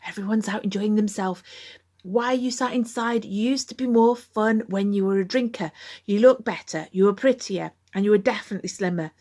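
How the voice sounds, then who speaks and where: A woman's voice: mid-range voice, brisk, dark tone, natural voice. A woman voicing her taunting inner addict. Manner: needling, guilt-tripping.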